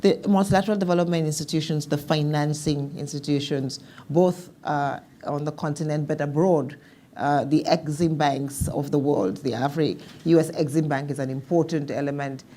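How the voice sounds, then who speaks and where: A woman with a low, dark-toned voice speaks as a panelist in a policy discussion. She comes across as measured and thoughtful, though she restarts a few times.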